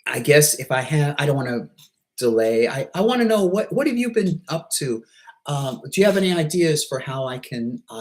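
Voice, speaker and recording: A man talking in a casual vlog monologue, hesitant and halting, with many pauses, restarts and self-deprecating asides. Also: medium pitch, low-quality recording. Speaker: YouTuber.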